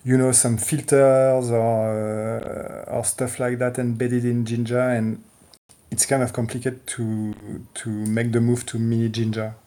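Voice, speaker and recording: A man in a casual online tech call, talking haltingly with many restarts. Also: mid-range voice, flat delivery, mellow. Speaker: community contributor.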